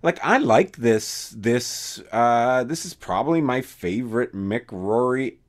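A man's voice: medium pitch, lively intonation, slow. A man co-hosting a podcast, giving his opinions on a TV episode in a loose, rambling way with many restarts. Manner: chatty, hesitant, many fillers and restarts. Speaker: podcast co-host. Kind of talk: casual chat reacting to a TV episode.

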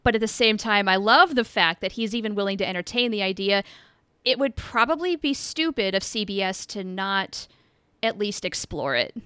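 Upbeat woman chatting on a podcast, bright voice, laughs easy. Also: mid-range voice, lively intonation, normal speed, clean tone, no echo, studio quality. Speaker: podcast co-host. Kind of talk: casual podcast chat.

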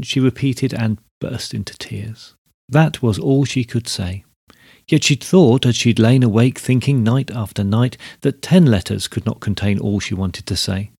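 A man reads a story aloud at a steady, measured pace. His voice is gravelly and a little husky. The recording is dry and close. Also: medium pitch, dry recording. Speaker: narrator. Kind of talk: storybook reading.

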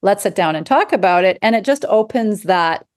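A woman, a physician, talking casually in a conversation, telling lively stories and acting out what people said. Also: medium pitch, normal speed. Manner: animated storyteller, acts out quotes, laughs often. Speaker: physician guest.

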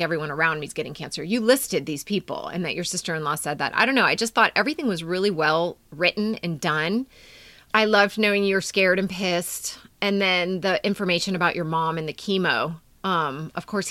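A woman's voice: fairly low pitch, a bit bright, no echo. A woman in her fifties, a podcast co-host, giving candid and emotional feedback on a friend's writing in casual, filler-heavy chat. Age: 50s.

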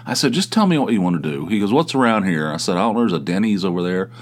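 Lively middle-aged man telling a story. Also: low-pitched, fast. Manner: animated, acts out quoted exchanges in a raised voice; self-deprecating, swears casually. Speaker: podcast host. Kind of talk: casual storytelling monologue.

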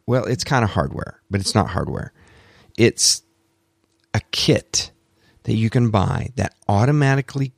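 A man hosting a solo tech podcast, talking in an excitable, rambling way and correcting himself, bothered by allergies. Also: fairly low pitch, gravelly, no room sound, clean studio sound. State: allergies, throat clearing. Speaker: podcast host.

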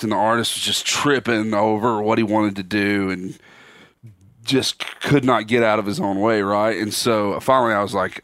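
Brief: lower-pitched male guest, lively anecdote teller, dry close mic. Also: no echo. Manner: lively anecdote teller who acts out quoted voices. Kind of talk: casual storytelling in a podcast interview.

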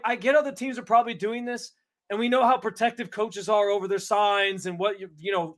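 A man co-hosting a sports podcast, talking in an animated, blunt way and swearing freely in casual debate. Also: high voice.

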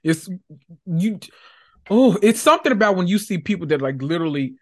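A woman co-hosting a podcast in casual chat, supportive and quick to laugh. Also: fairly low pitch, expressive, a little mellow. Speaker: podcast co-host.

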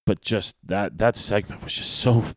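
A man's voice: fairly low pitch, normal speed, no room sound, studio quality. A man co-hosting a podcast in casual chat, rambling and restarting his phrases with emphatic stresses. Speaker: wrestling podcast co-host.

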